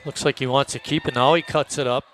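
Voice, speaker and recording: Folksy man calling high school football. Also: quick pace, some chatter behind, a little hiss or hum. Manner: relaxed, folksy calling with frequent fillers. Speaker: play-by-play announcer.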